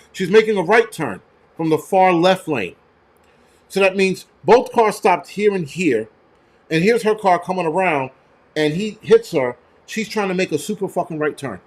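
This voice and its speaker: A man who works as a firefighter hosts a livestream, ranting bluntly and profanely and telling stories from work. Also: a little high. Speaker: host and firefighter. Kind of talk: livestream rant and storytelling.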